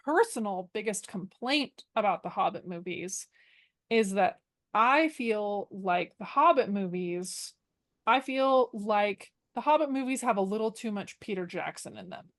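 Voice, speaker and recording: A woman's voice: mid-range voice, animated, a little slow, dry recording, clean studio sound. A woman chatting casually as a podcast guest, playful and jokey, trailing off and restarting her sentences.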